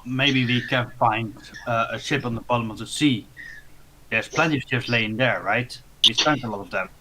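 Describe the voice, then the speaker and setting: A man playing in a tabletop game, speaking haltingly and describing his character's actions. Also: medium pitch, bright, forceful tone, slight background noise, poor audio. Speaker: player. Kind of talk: casual in-character chat.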